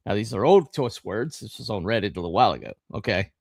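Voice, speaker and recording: A middle-aged man hosting a podcast, talking in a rambling, halting way with lots of fillers and a wry, sarcastic edge. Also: lowish voice, animated, no room sound, studio quality. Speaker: podcast host. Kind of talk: casual live-stream commentary.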